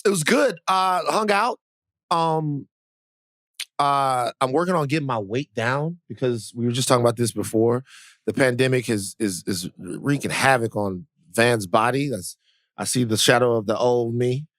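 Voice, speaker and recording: A man's voice: mid-range voice, normal speed, a bit bright, dry recording, studio quality. A middle-aged man co-hosting a podcast, talking in casual chat that rambles, full of restarts and "you know"s. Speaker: podcast co-host.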